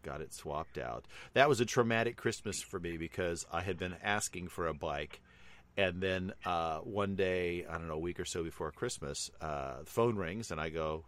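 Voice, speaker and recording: Deep-voiced middle-aged man telling stories. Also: normal speed. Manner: rambling, with many fillers. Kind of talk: casual storytelling chat.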